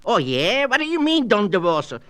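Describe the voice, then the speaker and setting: A fretful, whining husband, put on by a man reading a story aloud. He pleads and protests in a raised, animated voice that swoops up and down with indignation. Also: high-pitched, normal speed, clear, resonant tone, voice pushed up, heavily acted. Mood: agitated. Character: fretful, whining married man seeking advice.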